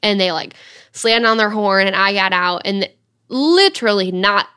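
A woman's voice: mid-range voice, animated, pushed and bright, smooth. A young woman telling a story in a casual, chatty way, with lots of "like". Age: young adult. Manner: chatty, fast, full of "like". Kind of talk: casual chat.

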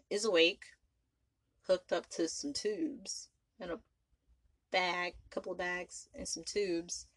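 Amid background noise, a woman with a lowish voice hosts a podcast. She rambles through a casual, profanity-laced recap of a vampire movie, constantly saying "like" and "you know."

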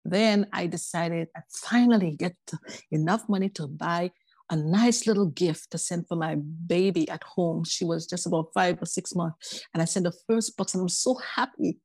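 Low, gravelly woman telling her story. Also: normal speed, no echo. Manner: animated, acts out quoted voices. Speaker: podcast guest. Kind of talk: casual personal storytelling.

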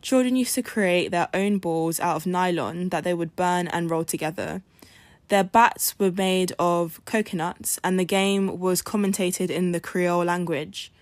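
A woman hosting a podcast, narrating a folk tale in a clear, measured storytelling manner. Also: lowish voice, no room sound. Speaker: podcast host.

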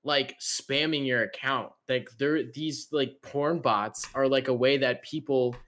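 A young man in casual podcast chat tells a story with lots of energy, slang and swearing. His voice sits at an ordinary middle pitch. He laughs often between lines. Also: fairly even intonation, a little slow, a bit bright. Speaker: podcast co-host.

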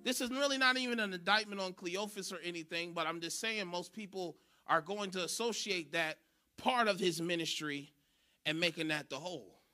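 A man preaching a sermon in church, animated and shouting for emphasis. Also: sits high, moderate pace. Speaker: pastor.

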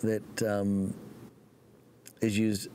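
A man preaching a sermon, praying and telling a story in a relaxed, folksy way with fillers. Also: lowish voice, extremely slow, a little hiss or hum.

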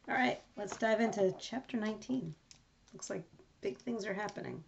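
A woman leading a ministry, praying softly and then reading scripture aloud slowly and with emphasis. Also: medium pitch, creaky. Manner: soft prayerful murmur, then slow emphatic reading aloud. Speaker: ministry leader. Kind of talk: prayer and Bible reading. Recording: dull lo-fi recording.

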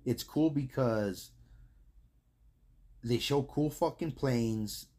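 A man from New co-hosting a casual podcast, laid-back and profane, trailing off into quiet asides. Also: medium pitch, very slow. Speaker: podcast co-host. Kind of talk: casual chat.

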